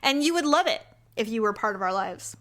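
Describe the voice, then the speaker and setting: A middle-aged woman co-hosts a casual podcast, her voice high and bright with a sharp edge. She tells stories animatedly, jumping into a higher voice to act out what people said. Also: brisk. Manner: animated storyteller, acts out quotes in a high voice. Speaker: podcast co-host. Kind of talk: casual chat.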